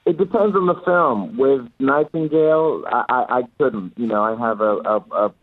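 A male actor with an English accent, a guest on a radio morning show, answering in a measured, reflective way with some stammered restarts. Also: medium pitch, lively intonation, no room sound, narrow, tinny audio. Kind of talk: radio interview.

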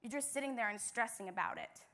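A woman's voice: on the high side, fast, fairly bright tone. A young woman, a church intern, giving an earnest devotional message with emphatic repetition.

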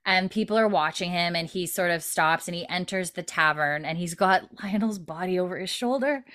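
A woman's voice: on the low side, normal speed, a bit bright. A woman in casual chat, animatedly recapping a TV episode, laughing and swearing as she tells it.

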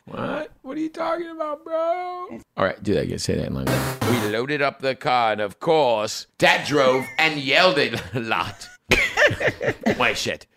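Man, podcast co-host, animated pitch, crude jokes, music playing underneath. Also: measured pace, gravelly. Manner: jokey, crude, bursts into laughs and silly singing. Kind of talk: casual comedic chat.

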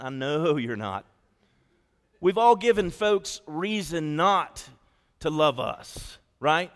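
A middle-aged pastor delivers a sermon in a fairly high voice for a man. He talks with the congregation, calling out to them as he goes, and his words ring out with the long reverb of a large church. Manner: conversational preaching with call-outs to the congregation. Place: church sanctuary.

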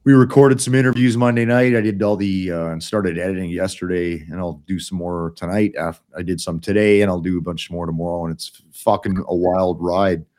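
A man's voice: low-pitched, steady tone, a little fast, few pauses, a little mellow. A middle-aged man hosting a casual podcast, blunt and rambling, swearing often. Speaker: podcast host.

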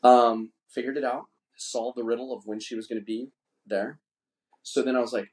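A man's voice: medium pitch, steady tone, normal speed, darkish tone. A man in his fifties hosting a podcast, telling a long, crude, boastful story in casual chat. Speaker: podcast host.

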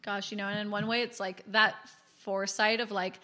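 A woman's voice: medium pitch, a little fast. A woman in her thirties, a guest telling her own story in a candid, chatty way and acting out quotes. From California. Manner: chatty, animated, acts out quotes. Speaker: guest, business founder.

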